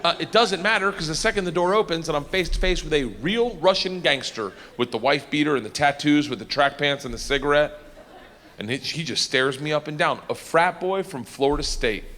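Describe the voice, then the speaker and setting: A man telling an animated, rowdy stand-up story before a live audience, breaking into laughter and shouts. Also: fairly high pitch, fairly quick. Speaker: stand-up comedian. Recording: long hall reverb with faint noise.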